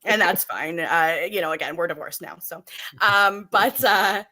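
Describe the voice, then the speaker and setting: A woman in her thirties, a podcast guest, telling a story in a casual, animated way with many fillers. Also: fairly low pitch, a little slow. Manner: animated, filler-heavy, acts out voices in quotes.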